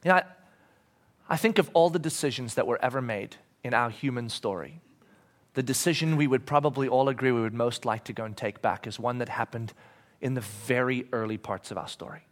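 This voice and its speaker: A middle-aged man preaching a sermon, telling a personal story in a conversational way with frequent restarts and soft, quiet reflective stretches. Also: mid-range voice, brisk. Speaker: pastor. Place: church sanctuary.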